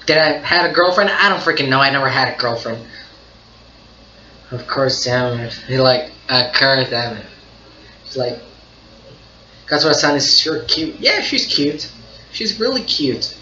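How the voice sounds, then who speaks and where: Excitable laughing guy in an echoey room. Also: medium pitch, a little slow, pauses often, slight background noise. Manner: excitable, laughs often, repeats himself. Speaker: anime reaction channel host. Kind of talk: casual reaction commentary. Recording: dull, echoey room recording.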